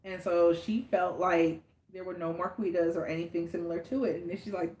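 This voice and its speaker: A woman from the Los Angeles area co-hosting a casual podcast chat, animated and quick to laugh, trailing off into restarts. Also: lowish voice, echoey room. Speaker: co-host.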